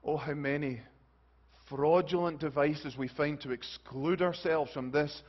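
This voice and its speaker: Male preacher, fairly high voice, dramatic shifts between urgent calls and quiet pleading, dull lo-fi sound. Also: fairly even intonation, measured pace. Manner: dramatic swings from loud urgent rises to hushed soft pleas. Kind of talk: sermon. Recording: dull lo-fi recording.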